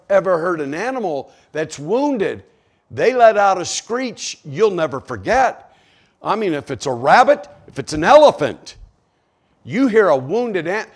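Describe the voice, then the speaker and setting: Male preacher, fairly high, very lively pitch, slow deliberate pace, dramatic hushed-to-shouting delivery. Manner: dramatic swings from hushed to shouting, acting out the psalmist. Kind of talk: sermon.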